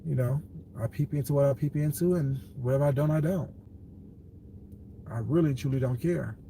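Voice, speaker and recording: Laughing often, a livestream host fires back at his chat, answering comments dismissively and calling viewers baby. His mid-range voice is mellow and moves at normal speed, with a little background noise.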